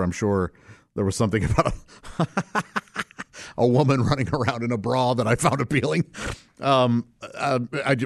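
Middle-aged male stand-up, laid-back and chuckly, mid-pitched voice, dry close mic. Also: no room sound. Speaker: stand-up comedian. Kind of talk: casual interview answer.

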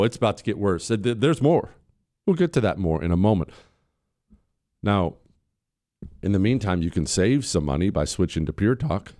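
A man's voice: mid-range voice, darkish tone. A man hosting a political talk show, ranting sarcastically and reading an ad. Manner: sarcastic, mocking, heated. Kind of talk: ranting political monologue with ad read.

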